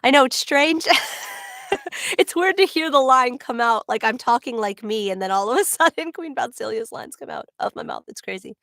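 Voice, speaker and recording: A woman's voice: a little high, expressive, normal speed, creaky, a bit bright, no echo, studio quality. A woman voice actor chatting casually on a livestream, laughing often and filling her talk with "like". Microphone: own microphone.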